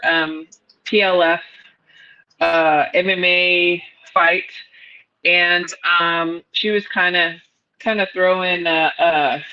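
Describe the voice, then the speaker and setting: A woman hosting a casual live-stream chat about boxing, chatty, with many fillers and frequent laughs. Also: fairly low pitch. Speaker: host. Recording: muffled lo-fi stream audio.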